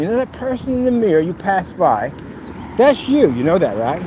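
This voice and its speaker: A man's voice: high-pitched, sing-song, moderate pace. A man talking casually while walking outdoors, mocking and teasing in a playful way. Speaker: vlogger. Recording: outdoor traffic noise.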